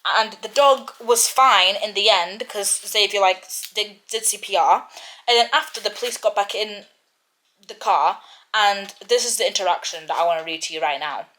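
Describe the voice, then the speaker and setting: A woman's voice: mid-range voice, normal speed, pushed and bright. Young woman, casual book vlogger; talkative, worked-up rant. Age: young adult. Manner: chatty, ranting, lots of "like" and "literally". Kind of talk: casual chat and reading aloud.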